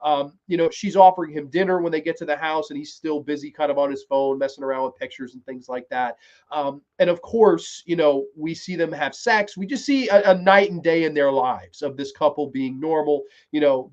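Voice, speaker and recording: A man's voice: a little high, lo-fi sound. Rambling man recapping with profanity. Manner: rambling, profane, with quick acted quotes. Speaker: podcast host reviewing a TV series. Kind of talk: casual recap and commentary.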